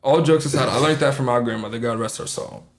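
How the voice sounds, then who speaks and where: A man's voice: mid-range voice, quick pace. A young man with a New York accent, a podcast co-host in casual, laughing chat among friends, swearing freely. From Jamaica, Queens, New York.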